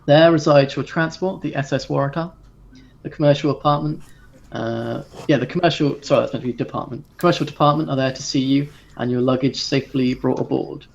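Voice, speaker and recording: A man narrates a tabletop horror game as its game master, loose and casual and quick to chuckle. His voice has a gravelly grain, and the recording sounds muffled and lo-fi. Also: medium pitch, steady tone, darkish tone. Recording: dull lo-fi recording.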